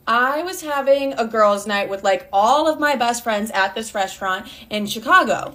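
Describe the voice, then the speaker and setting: A woman in her twenties telling a storytime casually, outspoken and animated, swearing often and acting out what people said. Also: a little high. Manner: outspoken, animated, frequent swearing, acts out quotes.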